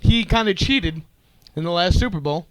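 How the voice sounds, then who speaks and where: A man's voice: high-pitched, expressive, normal speed, a bit bright, clean tone, dry recording, low-quality recording. A young man co-hosting a casual chat show, joking, rambling and laughing often. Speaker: co-host.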